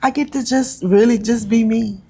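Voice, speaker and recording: A woman from North Carolina, a guest talking casually in an interview, with many ums and pauses. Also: fairly high pitch, fairly even intonation, noisy background. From North Carolina, USA. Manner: chatty, frequent ums and pauses. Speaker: actress and comedian guest.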